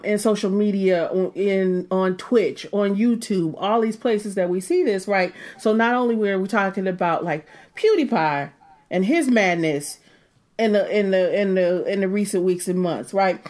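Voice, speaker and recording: A woman co-hosting a casual podcast discussion, animated and rambling, with frequent laughter and restarts. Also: medium pitch, normal speed. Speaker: podcast co-host.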